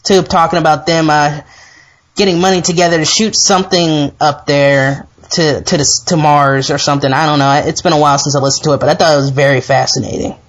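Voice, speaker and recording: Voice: mid-range voice, steady tone, fairly quick, muffled recording. A podcast host chatting casually, joking and laughing often. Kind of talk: casual chat.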